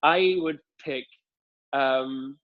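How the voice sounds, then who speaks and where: A man's voice: mid-range voice, very slow, lo-fi sound. A Welsh man, a guest TV presenter, chatting casually with many fillers and restarts. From Wales. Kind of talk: casual chat. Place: at home during lockdown.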